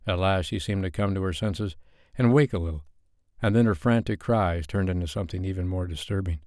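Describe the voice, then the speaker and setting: A man narrating a romance audiobook in a measured, even storytelling manner. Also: sits low, dry recording, studio quality.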